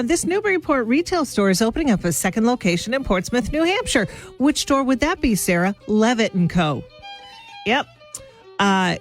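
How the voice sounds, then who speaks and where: A woman hosting a morning radio show, chatting casually and self-deprecatingly with her listeners as if they were friends. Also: mid-range voice.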